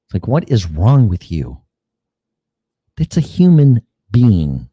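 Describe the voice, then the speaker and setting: A man's voice: lowish voice, huge pitch swings, slow, warm tone, husky, dry recording. A man hosting a show, delivering a blunt, heated political monologue full of swearing and mocking asides. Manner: blunt, heated, swears often, mocks opponents in put-on quotes. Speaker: podcast host.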